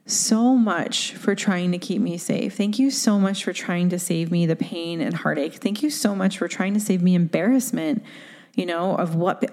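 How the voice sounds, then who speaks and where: A woman with a low-set voice gives a solo motivational talk as a coach. She speaks casually and candidly, leaning on fillers and quick tag questions. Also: a little mellow. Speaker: podcast host and coach.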